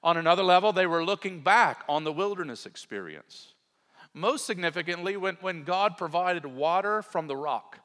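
A male pastor preaches with earnest emphasis, leaning on key words and then easing off into asides for his listeners. His voice sits a little high for a man. The sound has a long reverb tail, as in a large church hall. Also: expressive, moderate pace, fairly bright tone. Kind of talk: sermon.

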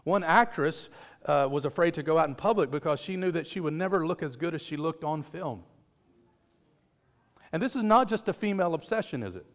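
A man's voice: on the high side, expressive, fairly quick. Man preaching in a reverberant church. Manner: conversational preaching with joking asides. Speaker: pastor. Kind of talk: sermon. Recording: long reverb of a church hall.

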